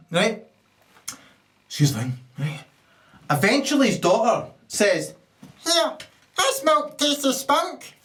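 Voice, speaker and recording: A Scottish man delivering a profane stand-up rant, swinging between muttered asides and loud outbursts. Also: high-pitched. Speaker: stand-up comedian.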